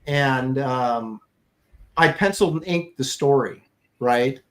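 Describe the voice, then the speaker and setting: A man's voice: mid-range voice, slow pace. A middle-aged man, a comic artist co-hosting a podcast, telling stories in a rambling, casual way with many fillers and restarts. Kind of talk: casual storytelling chat.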